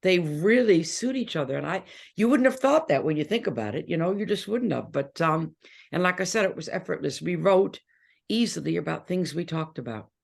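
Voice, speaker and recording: An older woman guesting in an interview, telling lively stories in casual chat and laughing often. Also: lowish voice, fairly quick, gravelly.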